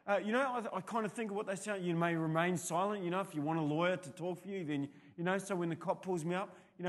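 A male pastor with a New Zealand accent preaching a sermon, telling rambling anecdotes that build to loud, emphatic peaks. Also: high voice, fast talker, few pauses.

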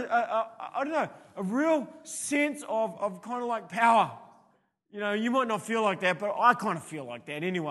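A male pastor with a New Zealand accent and a fairly high voice preaches a sermon. His rambling anecdotes build up to loud, emphatic peaks.

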